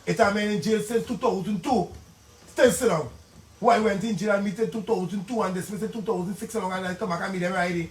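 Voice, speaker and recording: A man's voice: high-pitched, fast, soft background music. Earnest Trinidadian man, roomy live-stream sound. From Trinidad and Tobago. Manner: earnest, pleading, rambling in dialect. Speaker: guest telling his life story. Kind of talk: emotional live-stream testimony.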